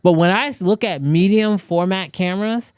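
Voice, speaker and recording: A man's voice: high-pitched, moderate pace, a little mellow, clean tone, no room sound, clean studio sound. A man hosting a live show, talking loosely and chatting straight to his viewers. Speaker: show host. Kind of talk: casual live-stream chat.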